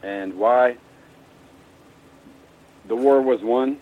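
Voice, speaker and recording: A man calling in to a podcast, talking in a dry, deadpan, teasing way. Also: medium pitch, extremely slow, narrow, tinny audio, slight background noise. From West Virginia. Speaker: caller, small business owner. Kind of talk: call-in chat.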